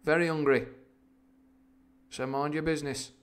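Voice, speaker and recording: A man voicing a gruff, bossy middle-aged ship's cook in a storybook reading. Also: fairly high pitch, fairly even intonation, moderate pace, lightly acted. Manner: bossy, calls people youth.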